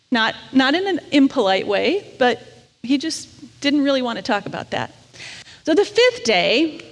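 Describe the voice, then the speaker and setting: A woman chaplain telling a personal story in a gentle storytelling sermon. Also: high-pitched. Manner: gentle storytelling, briefly emotional. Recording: long reverb of a large hall.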